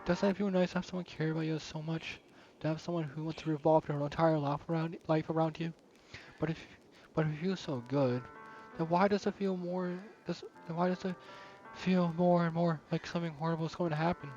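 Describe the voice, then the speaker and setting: A man's voice: fairly high pitch, steady tone, fairly quick, a little mellow, soft background music, natural voice. A man reading as an obsessive shy girl. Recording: dull lo-fi recording.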